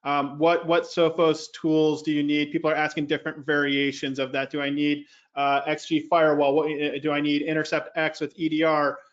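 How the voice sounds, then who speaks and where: Male webinar moderator, even monotone delivery, muffled call sound. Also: a little high. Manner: brisk, relays audience questions. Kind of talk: moderating questions. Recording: dull lo-fi call audio.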